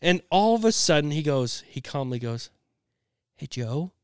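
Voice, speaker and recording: A young man co-hosting a podcast, telling a family story in an animated way and laughing often. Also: on the high side, moderate pace, smooth, no room sound, clean studio sound. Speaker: podcast co-host. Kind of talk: casual storytelling chat.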